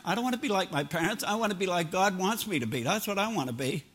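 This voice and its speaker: High-voiced older man preaching folksy. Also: animated, quick pace, fairly bright tone. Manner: homespun, plain-spoken, drops into everyday grammar. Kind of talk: folksy sermon with personal stories.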